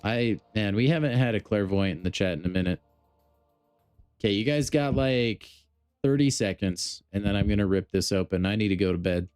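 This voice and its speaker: A man hosts a live gaming stream, chatting and joking with his viewers in a low, smooth, resonant voice. The sound is dry and close, with faint music underneath. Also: moderate pace, darkish tone, no echo. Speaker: game streamer.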